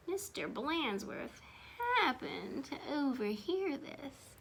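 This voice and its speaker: A woman reading a children's picture book aloud, animated and asking her listeners questions. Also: fairly high pitch, takes it slowly. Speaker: storyteller.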